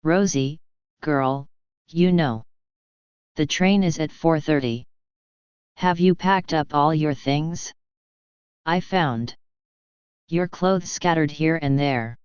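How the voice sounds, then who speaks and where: A narrator reading the lines of a stern, calm old Indian mother in a slow, plain storybook voice. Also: medium pitch, smooth, dry recording, lightly acted. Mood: firm. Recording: slightly dull, dry recording.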